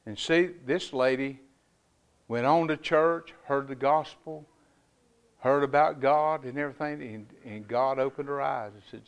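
A middle-aged man from North Carolina, preaching a fervent sermon with sudden loud rises and quiet drops. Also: medium pitch, a little slow, clear, resonant tone. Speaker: pastor.

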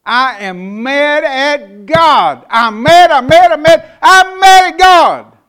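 A man's voice: extremely high pitch, lively intonation, slow, bright, forceful tone, voice pushed up, exaggerated voice. A man voicing a grieving grandmother who angrily repeats herself. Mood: angry grief. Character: grieving grandmother, shrill and furious.

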